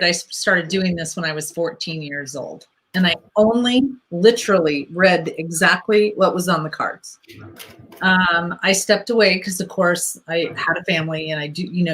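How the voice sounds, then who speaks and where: A woman's voice: fairly low pitch, fairly bright tone, low-quality recording. Chatty middle-aged woman hosting a live Q&A. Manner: chatty, runs the queue of questions. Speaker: co-host and intuitive reader. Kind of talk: live-stream spiritual Q&A.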